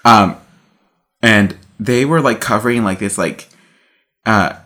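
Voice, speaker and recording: A man's voice: lowish voice, slow, pushed and bright. A young man co-hosting a podcast, chatting casually in a rambling way and acting out quotes in silly voices. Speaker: podcast co-host. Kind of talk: casual chat.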